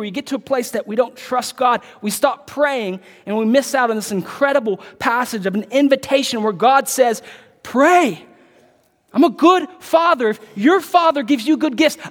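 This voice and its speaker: A man preaching a sermon as pastor, emphatic and repetitive, swinging from loud, drawn-out lines to hushed, close asides. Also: extremely high pitch. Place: church. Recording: church hall with long reverb.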